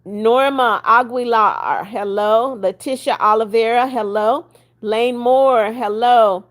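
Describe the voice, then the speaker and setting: A woman's voice: a little high, steady tone, slow pace. Chatty woman in her seventies livestreaming. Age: 70s. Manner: chatty, greets viewers by name, blunt scolding. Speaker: livestream host. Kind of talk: casual livestream chat reading comments.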